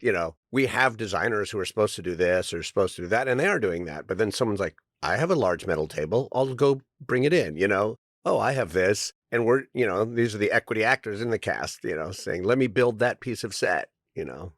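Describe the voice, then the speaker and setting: A middle-aged man co-hosting a podcast in casual chat, relaxed and reflective, often chuckling as he talks. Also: fairly low pitch, fairly quick, hardly any pauses, no room sound, clean studio sound. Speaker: podcast co-host.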